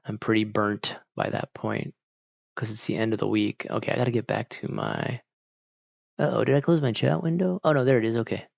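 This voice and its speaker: A man's voice: lowish voice, fairly quick, creaky, no echo, muffled recording. A man chatting casually with viewers on a live stream, rambling and laid-back. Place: home, evening stream.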